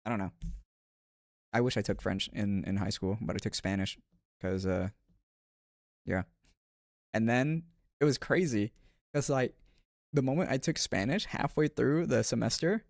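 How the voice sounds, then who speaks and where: A man's voice: mid-range voice, vocal fry, a little mellow, dry recording, studio quality. A man streaming and chatting casually with viewers, rambling with frequent restarts and filler words. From United States.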